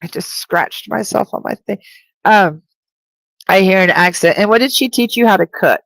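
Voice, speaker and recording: A woman's voice: medium pitch, normal speed, creaky, no echo, low-quality recording. A woman working as a psychic medium who gives a live-streamed spirit reading. She talks in a chatty, rambling way, full of "like," with light laughter.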